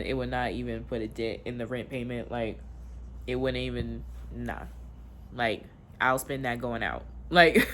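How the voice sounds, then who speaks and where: A woman's voice: very deep voice, a little hiss or hum. A woman, talking candidly and emotionally in a rambling, casual confessional vlog, swearing freely. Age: 20s. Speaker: vlogger.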